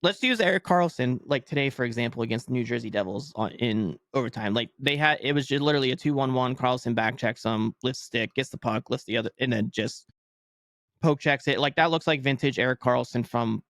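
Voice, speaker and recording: A young man hosting a casual solo sports podcast, rambling and excitable, laughing often and a bit sleepy. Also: medium pitch, brisk, no room sound. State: yawning, sleepy. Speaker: podcast host.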